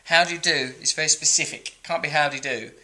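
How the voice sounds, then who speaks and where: A man's voice: a little high, steady tone, quick pace, poor audio. An English man in his forties hosting a show, reading out viewer comments with cheeky, mock-indignant asides. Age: 40s. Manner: cheeky, mock-indignant, jumps between loud outbursts and mumbled asides.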